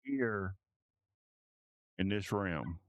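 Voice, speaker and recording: A man running a tabletop role-playing game as game master, narrating in a measured, descriptive way. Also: low voice, lively intonation, no room sound, muffled recording.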